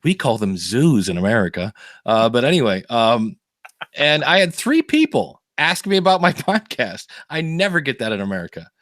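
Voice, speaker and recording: A man's voice: mid-range voice, sing-song, normal speed, a bit bright, no room sound, clean studio sound. A man co-hosting a podcast, telling stories in casual chat, laughing often. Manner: chatty storyteller, laughs often, many fillers. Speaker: podcast co-host.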